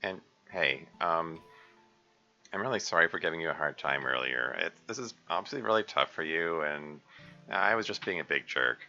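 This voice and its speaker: A man's voice: deep voice, animated, moderate pace, bright, forceful tone, highs cut off, faint music behind, full character voice. A man voicing a blunt, feisty young girl, speaking in a blunt, firm way.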